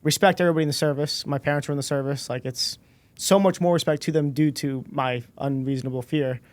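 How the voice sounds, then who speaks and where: A man in his twenties, a podcast guest, telling a personal story in a relaxed way and acting out the dialogue. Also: on the high side, fast, dry recording. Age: 20s. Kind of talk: casual storytelling interview.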